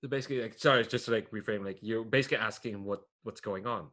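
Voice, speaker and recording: A man's voice: on the low side, rapid-fire, a bit bright. A man acting as game master of a tabletop game, thinking aloud casually with many fillers.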